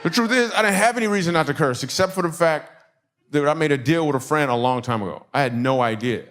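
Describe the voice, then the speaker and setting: A man's voice: on the high side, fast. Man telling a comic story. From Michigan. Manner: animated storyteller acting out dialogue, audience laughing. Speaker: comedian and speaker. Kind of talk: comedic storytelling message.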